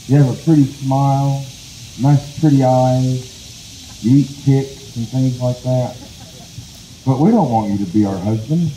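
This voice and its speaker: Gently dismissive village women from a folk tale, voiced by a man in his own register. The tone is dark and mellow, polite but firm. The recording rings with echo. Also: mid-range voice, a little slow, lightly acted. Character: polite young village women turning a suitor down. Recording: echoey with faint noise.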